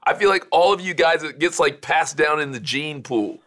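A man's voice: on the high side, normal speed, sharp tone. A man hosting an interview, asking eager, curious questions in casual chat. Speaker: podcast host.

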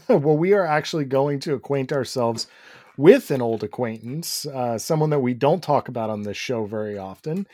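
A man co-hosting a podcast in casual chat, relaxed, laughing often and steering the topic. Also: medium pitch, normal speed. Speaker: podcast co-host.

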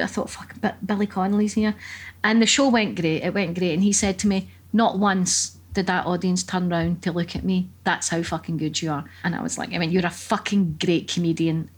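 A woman's voice: fairly low pitch, husky. Sweary Scottish woman telling stories. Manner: lively, profane storyteller. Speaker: comedian guest. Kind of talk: casual chat.

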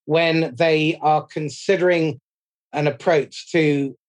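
A man hosting a podcast interview, speaking in a measured, reflective way as he sums up points. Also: on the high side, steady tone. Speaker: podcast host.

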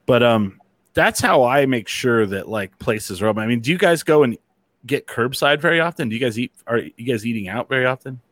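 Lively-pitched man hosting a casual chat. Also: fairly quick, no room sound. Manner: rambling, many likes and restarts. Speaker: host.

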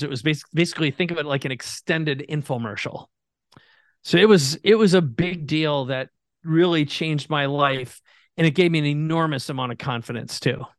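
Guy from minnesota, entrepreneur guest, animated storytelling, kinda high voice. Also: dry recording, studio quality. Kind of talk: conversational storytelling.

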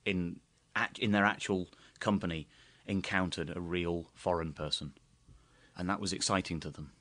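English comedian, low-pitched, dry close sound; rambling anecdotal storyteller. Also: male voice, fairly even intonation, moderate pace, fairly bright tone, no room sound. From England. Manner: chatty anecdotal storyteller, laughs often. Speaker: guest comedian. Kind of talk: casual chat.

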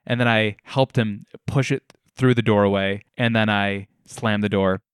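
A man's voice: on the low side, fairly even intonation, measured pace, clear, resonant tone, dry recording. Wry storytelling man, dry close sound. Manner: wry, self-deprecating storyteller. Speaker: podcast host. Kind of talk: casual solo podcast chat. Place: living room.

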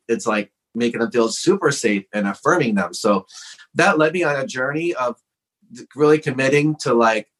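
A man's voice: medium pitch, animated, normal speed, a bit bright, low-quality recording. A man as a podcast guest, telling a personal story in a frank, earnest way with lots of casual "like" fillers.

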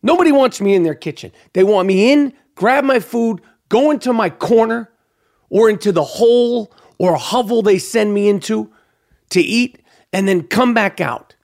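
Brash, hyped high-voiced man. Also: moderate pace, gravelly, a little mellow. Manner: brash, profane, hyped and rambling. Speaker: podcast host. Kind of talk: casual solo podcast monologue.

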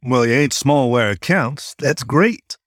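A man's voice: mid-range voice, unhurried, fairly bright tone, dry recording, studio quality, natural voice. A man voicing a playful older male rabbit teacher who talks in an easygoing, folksy, teasing way.

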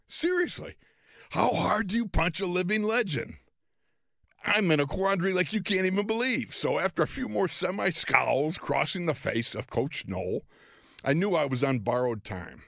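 A man in his sixties from Western New York, a podcast host and former football player telling a story in an animated, self-deprecating way, often chuckling. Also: mid-range voice, creaky, dry recording, studio quality. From Western New York, USA. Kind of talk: storytelling monologue.

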